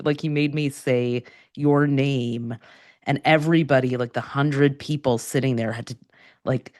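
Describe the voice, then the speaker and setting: A woman's voice: very deep voice, steady tone, a little slow, a little mellow, no echo, clean studio sound. A middle-aged woman hosting a podcast, talking in an earnest, reflective casual chat. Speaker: podcast host.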